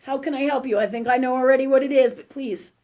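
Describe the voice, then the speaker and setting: A woman's voice: high-pitched, fairly even intonation, fast talker. A middle-aged woman speaks as a spiritual medium on a live stream, reading for viewers in a loose, heartfelt, rambling style. She restarts her sentences and fills gaps with ums, and her tone turns blunt and profane when she is frustrated. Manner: emotional, warm-hearted, rambling with many fillers and restarts; blunt, swears freely. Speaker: spiritual medium hosting a live call-in show.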